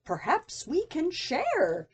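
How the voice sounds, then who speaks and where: A woman's voice: high-pitched, huge pitch swings, takes it slowly, heavily acted. A grandmother doing an eager, friendly badger. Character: friendly, greedy male badger. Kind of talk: storybook read-aloud.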